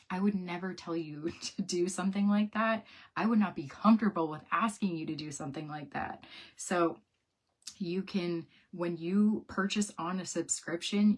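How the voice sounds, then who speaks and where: A young woman talking casually to camera, answering viewer questions about a product in a chatty, upbeat way with quick laughs and repeated words. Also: fairly low pitch. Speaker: wellness product seller.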